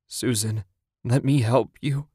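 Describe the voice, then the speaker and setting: A man's voice: medium pitch, fairly even intonation, slow pace, dark tone, slightly rough, no echo, studio quality. Man playing a pleading, desperate husband. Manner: pleading, raised voice.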